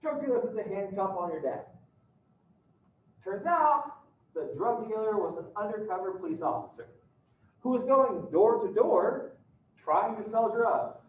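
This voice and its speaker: A male law lecturer telling an animated, playful hypothetical story to his students during a university lecture. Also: sits high, a little slow, pauses often. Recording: echoey classroom from a distant mic, dull.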